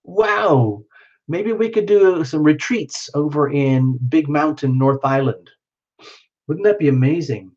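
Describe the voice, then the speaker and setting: A man hosting a live tarot reading stream, chatting casually and greeting viewers by name, with excited whoops now and then. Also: fairly high pitch, slow. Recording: dull lo-fi stream audio.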